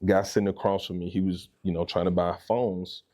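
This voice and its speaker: A man in his thirties with a Southern US accent, telling his life story in a relaxed interview and animatedly acting out the people in it. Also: deep voice, a little fast. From Mississippi. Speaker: guest, real estate agent.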